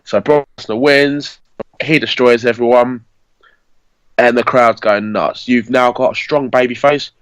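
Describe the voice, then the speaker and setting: A man's voice: mid-range voice, steady tone, measured pace, smooth, no echo, low-quality recording. A man, hosting a podcast and chatting casually as he rambles through a story and corrects himself along the way. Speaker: podcast host. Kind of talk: casual fantasy-booking chat.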